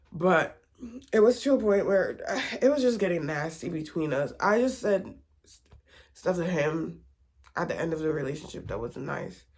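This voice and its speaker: A woman's voice: low voice, vocal fry, darkish tone, slightly rough. A young woman telling her own story in a candid, confiding vlog testimony. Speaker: vlogger.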